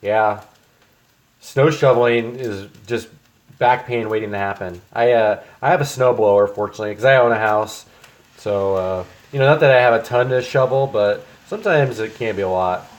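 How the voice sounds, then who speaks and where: This streamer, a young man, has a fairly low voice and a moderate pace. He cooks at home on a livestream, talking casually to viewers in a rambling way full of ums.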